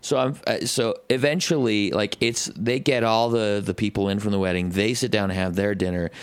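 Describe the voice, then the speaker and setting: A man's voice: lowish voice, steady tone, fairly quick, clear, resonant tone, no echo. A man co-hosting a music podcast in casual chat, telling long rambling stories full of fillers and the odd swear word. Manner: rambling storyteller, heavy fillers, swears freely.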